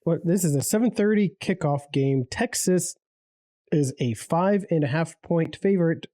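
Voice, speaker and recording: A man co-hosting a casual sports picks podcast, easygoing and halting, often repeating his words. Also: on the high side, dark tone, no room sound. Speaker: podcast co-host.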